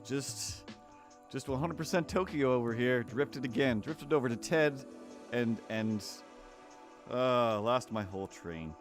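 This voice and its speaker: Man streaming while he draws, mid-pitched and chatty, rambling and joking about himself, light music underneath. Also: a little slow. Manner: rambling and self-deprecating, full of fillers and restarts. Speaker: cartoonist streaming live. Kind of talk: casual rambling chat while drawing.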